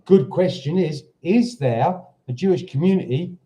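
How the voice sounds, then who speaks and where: The audio is dull, carrying a mellow, slightly high male voice at normal speed. He's a British livestream host at home in Portugal, chatting aimlessly through viewer comments and stopping now and then for his dog.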